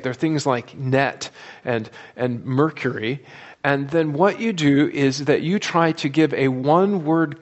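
A man preaching a sermon in a church, talking conversationally and slowing down and softening on key words. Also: medium pitch, muffled recording. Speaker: pastor. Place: church sanctuary.

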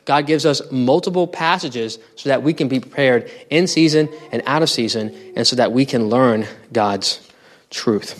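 A man's voice: medium pitch, moderate pace. A man as pastor preaching a sermon in a conversational teaching style, asking the congregation rhetorical questions. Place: church.

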